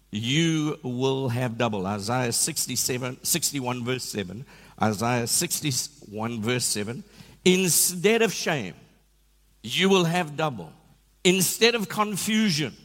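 A preacher delivers a lively sermon, jumping from funny stories about himself to scripture. His voice carries a long reverb from a large church hall. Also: medium pitch. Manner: animated storytelling with self-deprecating humor.

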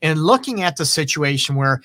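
Man, Detroit accent, relationship advice host, bright forceful tone, dry close sound. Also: on the high side, sing-song, moderate pace, dry recording. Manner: conversational, many fillers and asides, acts out quoted exchanges. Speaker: relationship counselor and show host. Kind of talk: unscripted advice talk.

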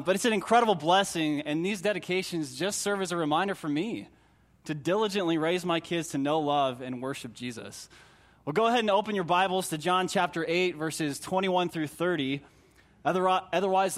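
A middle-aged man, a pastor, preaching a sermon in a conversational storytelling way with self-deprecating humor, swinging between loud emphasis and hushed moments. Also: on the high side. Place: church sanctuary.

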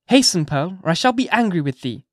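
A man's voice: fairly high pitch, moderate pace, darkish tone, dry recording, studio quality, voice pushed up, lightly acted. Man doing an anxious, pleading young mother. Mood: urgent. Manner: raised, pleading delivery.

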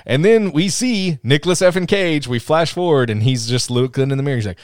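A man co-hosting a casual podcast, recapping a film in a jokey, animated way. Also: on the high side, fairly quick, dry recording, clean studio sound. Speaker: podcast co-host.

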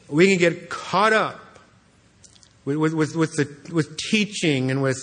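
Pastor, male, slow earnest preaching, slightly high voice, long church reverb. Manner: earnest, repeats words when restarting. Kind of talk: expository sermon.

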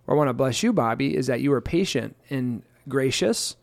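A man in his thirties, a pastor co-hosting a casual scripture chat, tells stories about his marriage with self-deprecating humor and playful quoted voices. His medium-pitched voice is animated and a little fast, with vocal fry and no room sound.

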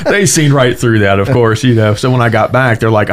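A young Marine from Ohio, appearing as a guest, tells his story casually with a low-leaning voice, a little fast and with hardly any pauses. He's chatty and fills his speech with "you know" and "right."

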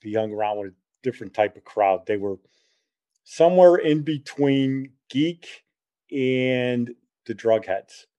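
A man's voice: mid-range voice, a little slow, dark tone. An older man telling a rambling, folksy personal story, acting out the dialogue as he goes.

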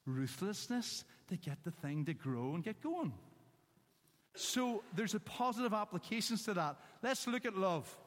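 A man's voice: sits high, fairly bright tone. Man preaching in a reverberant church hall. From Northern Ireland. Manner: punchy, anecdotal delivery with short one-word emphases. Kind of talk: sermon.

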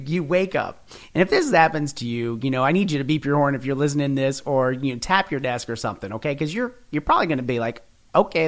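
A man hosting a podcast, giving a casual motivational talk and telling stories with quick acted quotes. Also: a little high. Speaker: podcast host.

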